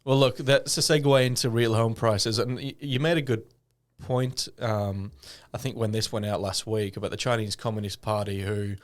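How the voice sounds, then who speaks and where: A man with an Australian accent co-hosting a casual podcast, speaking in a measured, thoughtful way. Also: fairly low pitch, steady tone. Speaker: podcast co-host. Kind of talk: casual chat.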